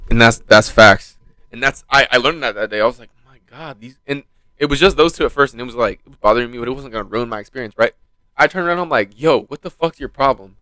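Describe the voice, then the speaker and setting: A young man co-hosting a podcast, telling a story in casual chat and acting out quotes with sudden jumps in pitch, swearing freely. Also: quick pace, bright, forceful tone, no echo. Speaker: podcast co-host.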